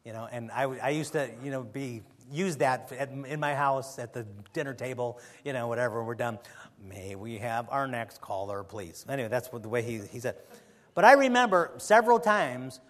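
A preacher with a high voice gives a conversational sermon. He is emphatic at times and often drifts into rambling asides. A long hall reverb hangs on his words.

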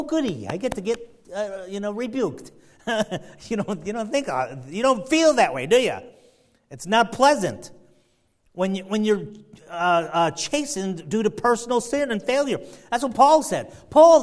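Male pastor with a high voice, fervent sermon delivery, loud peaks and hushed asides. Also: very animated, normal speed. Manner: fervent, swings between loud emphasis and quiet asides.

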